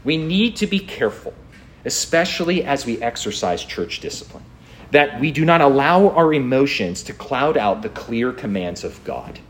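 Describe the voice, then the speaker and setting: A man's voice: mid-range voice, very animated, moderate pace. A man pastor preaching a sermon, reading scripture aloud and pressing his point with incredulous rhetorical questions.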